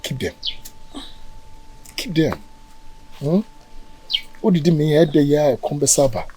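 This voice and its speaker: Fields: a man playing a smooth-talking Ghanaian flirt. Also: fairly high pitch, lively intonation, measured pace, dark tone, soft background music, low-quality recording. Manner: smooth-talking, reassuring, persistent. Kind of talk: Ghanaian drama acting, mixing Twi and English.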